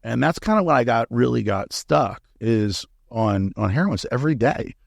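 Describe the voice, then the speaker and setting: A man's voice: medium pitch, expressive, moderate pace, creaky, no room sound, clean studio sound. A man as a podcast interview guest, telling a candid story in a frank, profane way with many fillers and restarts.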